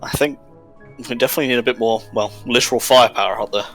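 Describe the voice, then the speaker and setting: A man's voice: medium pitch, fairly even intonation, fast, a bit bright, soft background music. A man playing in a tabletop game, easygoing and agreeable. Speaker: player. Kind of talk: casual tabletop game chat.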